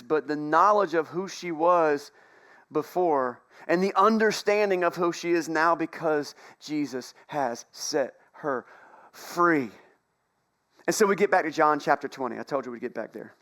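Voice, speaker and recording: A man preaching a sermon in a church, telling a story in a relaxed, conversational way, with playful asides and jokes. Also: on the high side. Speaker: pastor. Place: church sanctuary.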